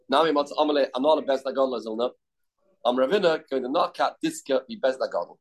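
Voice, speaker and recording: A man's voice: medium pitch, fast talker, poor audio. A man teaching a daily Talmud class, explaining loosely with restarts and of terms.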